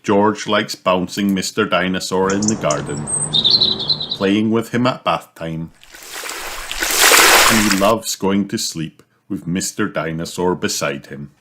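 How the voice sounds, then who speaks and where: A man reading a children's storybook aloud in a slow, expressive way. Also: deep voice, heavy background noise. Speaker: storybook reader.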